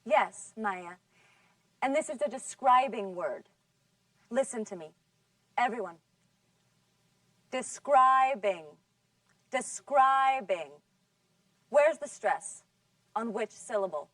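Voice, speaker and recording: A woman teaching a scripted class, patient, stretching out model words slowly for the students to repeat. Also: fairly high pitch, animated, no echo, distant mic. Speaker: English teacher.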